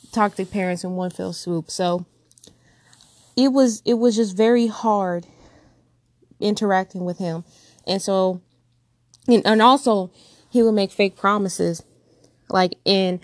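A young woman telling a painful personal story in an earnest, emphatic way, repeating phrases and raising her pitch to act out what others said. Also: no room sound, clean studio sound. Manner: acts out quoted voices with raised pitch.

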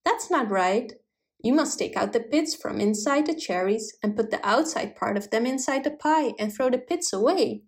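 A woman doing a kindly old rabbit gentleman. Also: fairly high pitch, lively intonation, normal speed.

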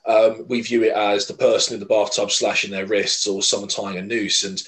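Male co-host, lowish voice, earnest, rambling delivery. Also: flat delivery, moderate pace, rough recording. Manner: earnest, rambling, frequent fillers and restarts. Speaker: podcast co-host. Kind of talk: casual podcast chat.

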